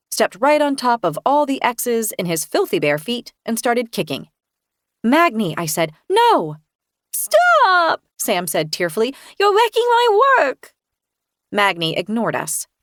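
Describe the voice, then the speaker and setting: A woman narrates a first-person thriller with expressive tension. Her pitch sits in a middle range. The recording is close and dry, with no room sound. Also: normal speed, dry recording. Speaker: audiobook narrator.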